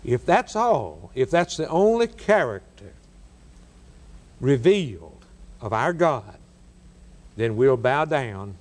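A male preacher with a mid-range voice delivers a sermon. He tells his stories dramatically, building lists in cadence. His voice rises and falls in pitch, and his pace shifts freely.

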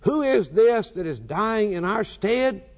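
A man's voice: sits high, very animated, slow. A man preaching a sermon with emphatic, repeated refrains. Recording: long hall reverb.

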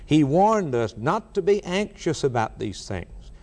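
A middle-aged man preaching a sermon, emphatic, repeating key words and pausing for effect. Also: on the high side, big pitch swings, darkish tone. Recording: long reverberant hall.

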